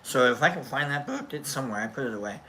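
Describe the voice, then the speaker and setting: A man's voice: medium pitch, animated, fast, pushed and bright, a little hiss or hum. A man hosting a casual chat show, rambling with lots of restarts and jokey asides. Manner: rambling, self-interrupting, jokey. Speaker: host.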